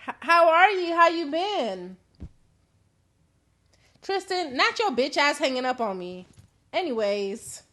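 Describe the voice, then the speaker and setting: A woman's voice: high-pitched, sing-song, slow pace, long pauses, pushed and bright. A young adult woman hosting a casual live-stream call-in show, talking candidly, swearing freely and laughing often. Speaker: host.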